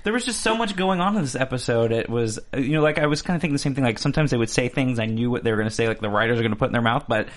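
A man co-hosting a casual aftershow chat, excitable and rambling with frequent laughs. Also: medium pitch, racing, hardly any pauses. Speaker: co-host.

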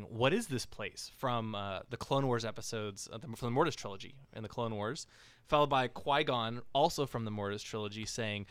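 A man's voice: on the low side, a bit bright, smooth, no room sound. A man hosting a casual podcast discussion, talking in a rambling way with many fillers and restarts. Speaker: podcast host.

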